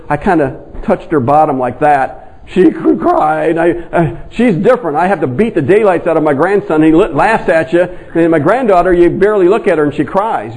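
High-voiced older man preaching. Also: rough recording. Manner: folksy, animated storytelling with sudden emphasis. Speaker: pastor. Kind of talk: sermon with personal story.

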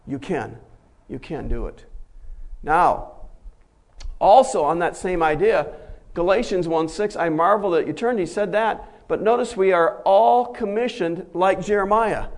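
A man preaching a sermon as pastor, emphatic, swinging between loud peaks and quiet low passages, acting out the voices he quotes. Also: measured pace.

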